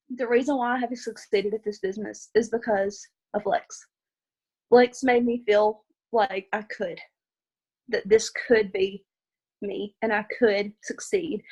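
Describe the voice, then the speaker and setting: A young woman with a Southern American accent from Arkansas, sharing a personal testimony, tearful and laughing through her nerves. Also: fairly high pitch. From Arkansas, USA. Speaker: team member sharing her story.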